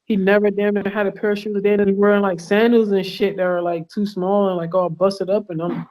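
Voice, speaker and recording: A man with a notably high-pitched voice speaks as a fighter guest on a podcast. He rambles, swears freely and restarts his sentences often, full of fillers. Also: level tone, brisk, darkish tone. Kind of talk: casual podcast interview. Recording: online call with lag.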